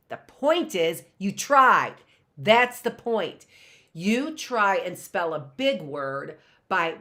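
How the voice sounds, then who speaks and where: Middle-aged woman teacher, unhurried, lowish voice, sounds out words for small kids. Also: fairly bright tone. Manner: slow, sounding out words syllable by syllable. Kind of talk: phonics lesson for young children.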